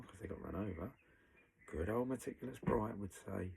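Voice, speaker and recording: Gravelly man telling his story. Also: on the low side, animated, a little fast, warm tone, slight background noise, rough recording. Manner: blunt, aggrieved storytelling, full of "she went, I went". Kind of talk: recounting a personal story.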